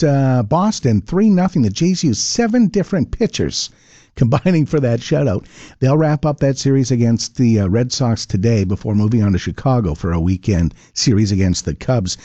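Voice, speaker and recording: A man's voice: medium pitch, dark tone, no room sound. A man hosting a casual local radio sports update, chatty, with offhand asides. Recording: slightly dull radio audio.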